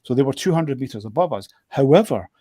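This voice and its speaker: A man's voice: medium pitch, expressive, quick pace, dark tone, slightly rough. A man, a guest drone show operator, telling stories in casual chat, often repeating his words and laughing as he talks.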